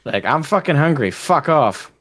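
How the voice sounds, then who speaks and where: A man's voice: on the high side, sing-song, moderate pace, fairly bright tone. A man reading a short war story aloud, then joking crudely and swearing. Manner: swears casually.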